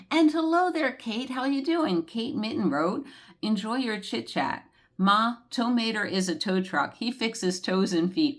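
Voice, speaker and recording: Chatty older woman reading viewer comments. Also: fairly low pitch. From United States. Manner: chatty, warm-hearted, rambling with many fillers. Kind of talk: casual chat.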